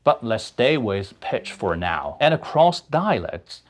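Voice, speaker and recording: Slow-talking man with a lively voice. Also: medium pitch. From China. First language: Chinese. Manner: slow, deliberate speech with demonstrative sung and hummed examples. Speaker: music teacher. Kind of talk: talking-head music lesson.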